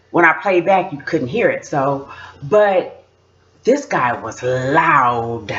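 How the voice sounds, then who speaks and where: A woman with a low voice chats casually about her family, swinging widely in pitch as she tells stories. She laughs often as she talks. The sound is muffled and lo-fi. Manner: animated, laughing storytelling. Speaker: mother and vlogger. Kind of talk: casual storytelling chat.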